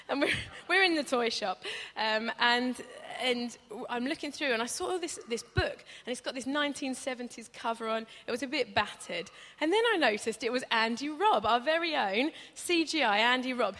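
A woman's voice: fairly high pitch, lively intonation, a little fast, few pauses, pushed and bright. A woman preaching a conversational sermon, chatty and humorous, acting out stories as she goes. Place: church hall. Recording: reverberant church hall.

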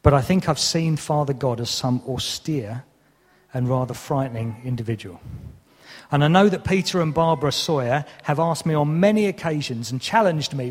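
A man's voice: on the high side, expressive, normal speed. A man in his thirties preaching a sermon, candid and self-deprecating with touches of humor. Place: church hall. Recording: long reverb of a hall.

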